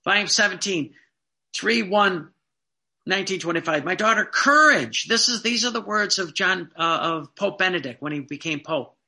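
Bright-voiced man preaching fervently. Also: high voice. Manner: fervent, emphatic repetition, slowing for stress. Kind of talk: sermon.

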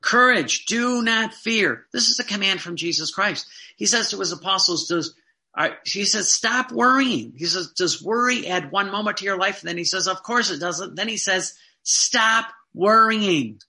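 Bright-voiced man preaching fervently. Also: high-pitched. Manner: fervent, emphatic repetition, slowing for stress. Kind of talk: sermon.

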